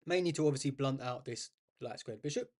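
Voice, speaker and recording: A man's voice: mid-range voice, fairly quick, darkish tone. A man commentating live on a chess game for a stream, chatting with viewers and thinking aloud as he goes.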